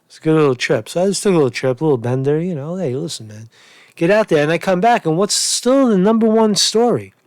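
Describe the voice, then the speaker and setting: A man's voice: fairly high pitch, lively intonation, quick pace, a little mellow, no room sound, studio quality. A man giving casual, rambling political commentary as a vlogger, crude and profane, repeatedly calling the listener "man", tired and sore from a long drive.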